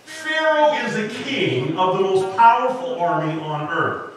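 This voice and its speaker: A man's voice: high-pitched, very animated, a little slow. A male pastor giving a sermon in a folksy way, acting out quoted lines with humor. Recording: echoey hall, mic far off.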